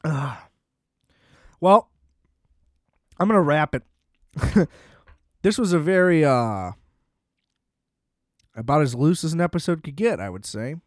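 A man's voice: fairly high pitch, lively intonation, slow pace, pauses often, no echo, clean studio sound. A young man hosting a solo podcast, ranting in a casual, profane, exasperated way and leaning on filler words. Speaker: podcast host.

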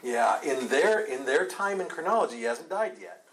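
A pastor leading a Bible study, talking earnestly, asking rhetorical questions and repeating key phrases. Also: male voice, a little high, lively intonation, moderate pace, fairly bright tone, rough recording.

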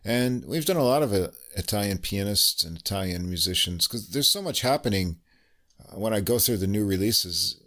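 A man hosting a jazz podcast, chatting casually about new piano records with lots of "uh" pauses. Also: fairly low pitch. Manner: relaxed, many "uh" pauses, enthusiastic. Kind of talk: casual music review chat.

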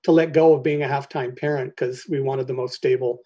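A middle-aged man telling his personal recovery story to a meeting, halting and candid, often clearing his throat between phrases. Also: medium pitch, fairly even intonation, dark tone, lo-fi sound.

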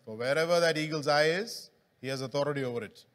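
Speaking fast in a fairly high, slightly bright voice, a man gives a casual sermon in a church hall, quizzing the people in the pews to keep them engaged. The hall adds long reverb.

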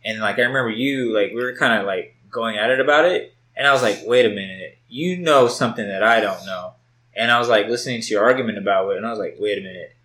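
Casting note: man, lowish voice, loose chatty storyteller, swears a lot, home mic. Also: fast talker, a bit bright, low-quality recording. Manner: loose, profane storytelling with lots of "like". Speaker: podcast co-host. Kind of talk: casual chat. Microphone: home test recording mic.

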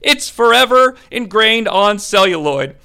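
Give me a man recapping a film with crude jokes, raspy and bright. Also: high-pitched, lively intonation, unhurried. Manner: irreverent, crude, joking. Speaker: movie reviewer. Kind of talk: comedic movie recap.

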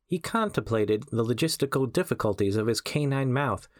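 A man, the host of a podcast, reading a short story aloud in a measured, wry storytelling voice. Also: medium pitch, animated, no room sound, studio quality. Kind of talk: scripted story narration.

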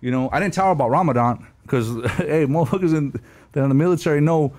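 A man in his thirties, guesting on a casual podcast, tells war stories full of slang and swearing, laughing as he goes. His voice is a little high and slightly mellow, and he talks fast.

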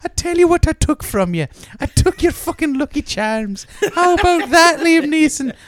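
A man putting on a shrill, impish cartoonish thief who gloats in a squealing sing-song. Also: lively intonation, moderate pace, no echo. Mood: gloating.

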